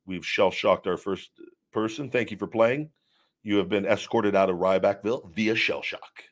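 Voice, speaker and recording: Low-voiced man hosting a live chat. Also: normal speed. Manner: rambling and candid, reads viewer questions aloud and answers off the cuff. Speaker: host of a live show answering viewer chat. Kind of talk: casual live-stream chat.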